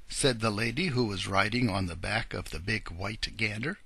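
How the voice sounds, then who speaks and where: A man reading a children's storybook aloud in an expressive, animated way. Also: on the low side, normal speed, creaky, hardly any pauses, slightly rough, dry recording. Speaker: audiobook reader. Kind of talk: scripted narration of a children's story.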